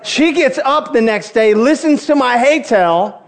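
A man's voice: extremely high pitch, lively intonation, a little slow. Joking male pastor telling stories. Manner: humorous storytelling, conversational. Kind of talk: sermon. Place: church before a congregation.

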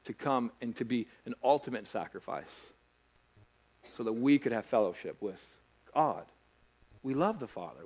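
In a church hall, a middle-aged male pastor preaches a sermon in a conversational way, putting rhetorical questions to the congregation. His voice sits in the mid range, and the audio sounds dull.

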